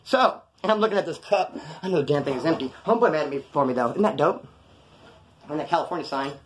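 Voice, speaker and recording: Speaking fast and animatedly in a slightly high voice, a man recounts a past episode to camera, with a little hiss or hum in the recording. He swears, uses slang and acts out the other people's voices.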